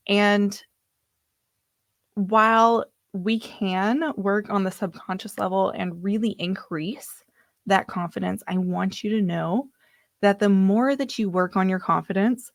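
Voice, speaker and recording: A woman personal development coach leads a live online workshop in a loose, chatty manner, sometimes losing her place in her notes. Her voice is medium-pitched, with no room sound.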